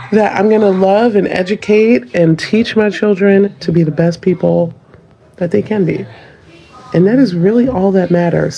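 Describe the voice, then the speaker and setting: A woman's voice: fairly low pitch, mellow, lo-fi sound. A mother talking casually to camera, chatty and emphatic, with a slight Southern US accent. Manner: chatty, emphatic, repeats okay.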